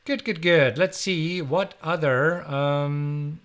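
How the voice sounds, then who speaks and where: A middle-aged man from Germany with a German accent, hosting a live stream and answering viewer questions in an energetic, chatty way that repeats words. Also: fairly high pitch, slow. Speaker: host.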